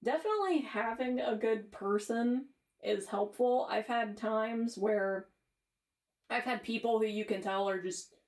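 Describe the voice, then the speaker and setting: A woman co-hosting a podcast in relaxed casual chat, laughing between remarks. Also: on the high side, measured pace. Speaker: podcast co-host.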